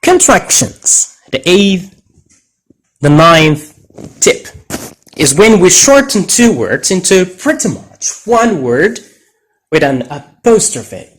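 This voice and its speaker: A man teaching English pronunciation in a deliberate way, with Arabic as his first language, exaggerating stressed words as he models them. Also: sits high, very animated. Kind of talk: pronunciation lesson.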